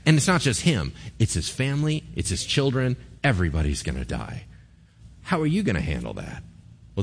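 A man preaching a sermon in a lively conversational way, asking the congregation rhetorical questions. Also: medium pitch. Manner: animated, conversational, asks the crowd rhetorical questions. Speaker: pastor.

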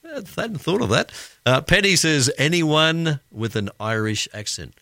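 A man hosting an afternoon radio show, talking in a lively, bright voice. He chats and reads listener replies with a self-deprecating laugh. The studio sound is dry and close. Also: a little high, a little slow, dry recording. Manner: chatty, laughs at himself, reads listener messages. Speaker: radio drive show host. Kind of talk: casual radio chat. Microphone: studio microphone.

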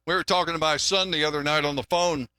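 An older pastor preaching in a bright, high-set voice. He talks in a folksy, chatty way and often restarts his words. The sound is close and dry. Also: no room sound. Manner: folksy, conversational, repeats words when restarting. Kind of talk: sermon with jokes.

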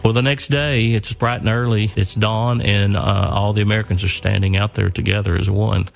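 A man's voice: on the low side, fairly even intonation, moderate pace, vocal fry, soft background music. An older man earnestly telling a personal story, often repeating and restarting his words.

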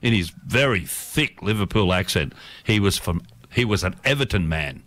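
Low-voiced man telling a rambling story. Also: expressive, moderate pace, a bit bright, no room sound. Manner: rambling, self-correcting, laughs while telling stories. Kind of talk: casual storytelling chat.

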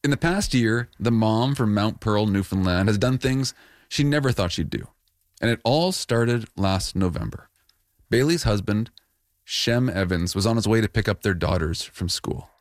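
Low-voiced male radio host. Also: moderate pace, no room sound, clean studio sound. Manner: clear, steady presenting. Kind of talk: scripted radio narration.

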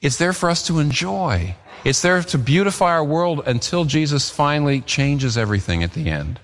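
A man preaching a sermon as pastor, earnest and emphatic, his pitch rising and falling as he presses his points. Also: lively intonation, moderate pace, long reverb tail.

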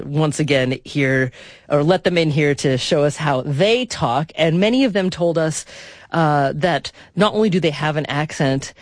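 A woman hosting a public radio interview, asking measured, thoughtful questions with a few hesitations. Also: deep voice, dry recording, studio quality. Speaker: radio talk show host.

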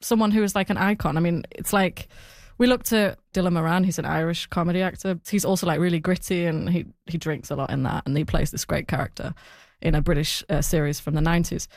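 A woman guest in an interview, answering in an animated, rambling way, full of "like" and "I mean". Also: lowish voice, quick pace, no echo, studio quality. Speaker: podcast creator, guest.

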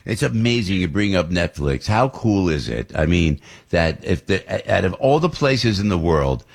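A man hosting morning radio, chatty and animated with playful asides. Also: low voice, normal speed, vocal fry. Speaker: radio host.

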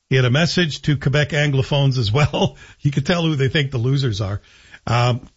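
A man's voice: medium pitch, husky. A middle-aged man hosting a talk radio show, delivering joking, sardonic commentary. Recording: dull lo-fi recording.

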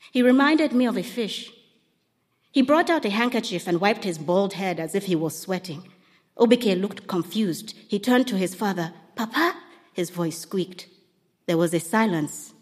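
A woman reading a novel aloud in a measured, dramatic storytelling manner. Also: medium pitch, darkish tone, big-room sound. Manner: measured, dramatic storytelling, voicing characters lightly. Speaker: narrator. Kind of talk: scripted audiobook narration.

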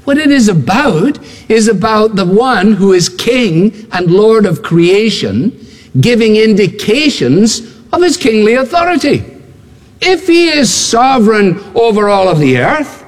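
A man's voice: sits high, big pitch swings, unhurried, long reverb tail. A man preaching a sermon, emphatic and building his points through repeated phrases and rhetorical questions to the congregation. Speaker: pastor.

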